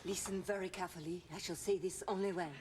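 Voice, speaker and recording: Sitcom resistance agent, French accent, deadpan and secretive, woman actor; hissy old clip. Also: lowish voice, close to an everyday voice. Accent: put-on French. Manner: solemn, secretive, deliberate.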